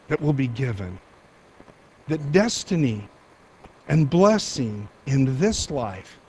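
A middle-aged male pastor delivering a sermon in a somewhat high voice. He preaches emphatically, drawing out key phrases slowly and rushing through asides. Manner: emphatic, varies pace for emphasis.

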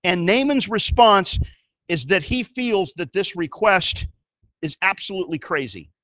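Pastor guy preaching, high bright voice, goes loud then quiet, dull lo-fi audio. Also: unhurried, no room sound. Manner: animated storytelling, swings from loud to hushed. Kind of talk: sermon.

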